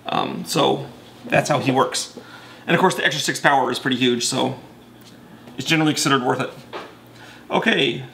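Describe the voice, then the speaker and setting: A man's voice: medium pitch, creaky, sharp tone, slight background noise. A man casually explaining board game rules in a chatty, self-correcting way with many fillers.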